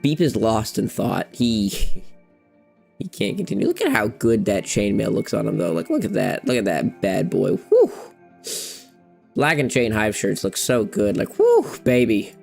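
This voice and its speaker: Gravelly, animated man commenting on a game. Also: on the low side, moderate pace, soft background music. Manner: rambling and playful, chats to his cats. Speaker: gamer. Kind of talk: casual gameplay commentary.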